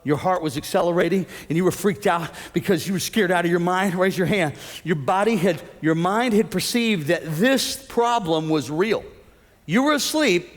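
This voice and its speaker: A man preaching a sermon as pastor, animated, acting out the voices he quotes. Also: a little high. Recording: long hall reverb.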